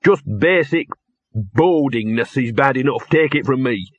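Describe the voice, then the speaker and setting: A man's voice: medium pitch, expressive, a little slow, husky, no room sound, lo-fi sound. A man voicing a small, cynical male talking dog in a storybook reading, muttering in a gloomy, streetwise way. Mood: grumbling.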